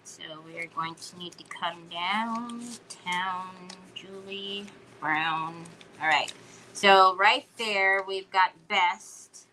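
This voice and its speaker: A woman's voice: mid-range voice, takes it slowly, pushed and bright, a little hiss or hum. A woman hosting a crafting livestream, chatting casually and playfully with cutesy baby talk while reading out viewers' comments. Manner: reads out viewers' chat comments. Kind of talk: casual live-stream chat while crafting.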